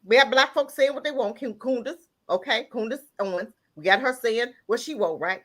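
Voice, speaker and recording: A woman calling a live talk show speaks a little fast in a slightly bright voice, delivering an emphatic, heated rant with many repeated lines. Along the way she breaks into laughter and lifts her voice nearly to the point of crying.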